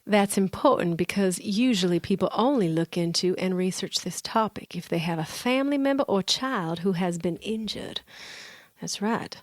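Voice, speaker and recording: A woman putting on a Southern US drawl to read a listener review aloud, slow and drawn out. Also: mid-range voice, dry recording, clean studio sound, close to an everyday voice. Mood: earnest drawl. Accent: put-on Southern US drawl.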